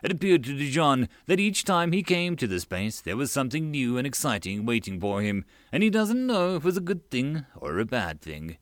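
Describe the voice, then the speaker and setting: Male narrator for a fantasy audiobook; mid pitch, very expressive, dry booth sound. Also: moderate pace, hardly any pauses, no room sound. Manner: expressive reading voicing all characters. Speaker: audiobook reader.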